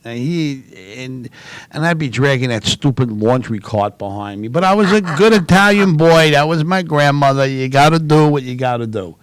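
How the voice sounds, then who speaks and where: Animated New man telling stories. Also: medium pitch, moderate pace, clear, resonant tone, no echo. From New York City. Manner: animated, loud storyteller. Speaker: co-host. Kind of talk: casual chat, storytelling.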